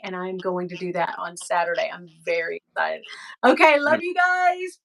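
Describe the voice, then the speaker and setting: A woman's voice: medium pitch, expressive, moderate pace, vocal fry, sharp tone. A woman hosting a live stream, chatting effusively and thanking her viewers. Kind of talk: casual live-stream chat.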